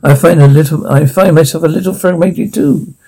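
An actor playing a calm, persuasive male villain in a TV drama. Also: on the high side, fairly quick, gravelly, husky. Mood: coaxing. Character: smooth, coaxing male villain, sure of himself. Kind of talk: TV drama acting.

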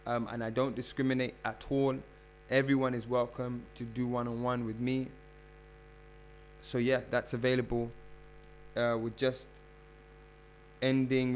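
A man's voice: medium pitch, a little hiss or hum. A man working as a spiritual health coach, talking casually and preachily to his followers, calling them "family" and hammering his points with repetition. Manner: preachy, calls listeners "family"; emphatic, repeats phrases for effect. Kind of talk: casual livestream talk to followers.

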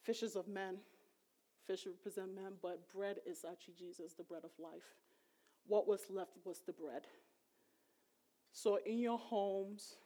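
A woman's voice: mid-range voice, a little mellow. A middle-aged woman giving a sermon in a conversational, emphatic way. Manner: conversational, emphatic, voice rising sharply when retelling emotional moments. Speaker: preacher.

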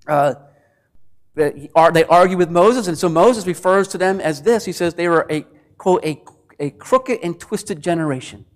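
A man delivers a sermon in a notably high-pitched voice. He preaches with animation, slipping into the voices of complainers and sometimes dropping close to a whisper. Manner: animated preaching, acts out grumbling voices, drops to near whispers. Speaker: pastor.

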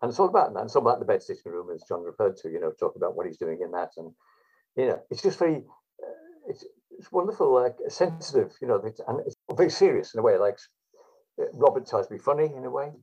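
A man's voice: medium pitch, big pitch swings, fast talker, darkish tone, slightly rough. A man telling stories as a guest in a rambling, hesitant way. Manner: rambling, hesitant, many fillers. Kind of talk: anecdotal storytelling. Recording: dull lo-fi recording.

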